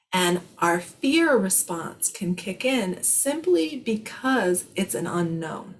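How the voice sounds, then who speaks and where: Gravelly low-voiced woman, soothing spiritual talk. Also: animated, slow, hardly any pauses. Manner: soothing, reassuring, drifts into soft whispers. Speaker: spiritual channeler and healer answering questions. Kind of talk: live spiritual Q&A.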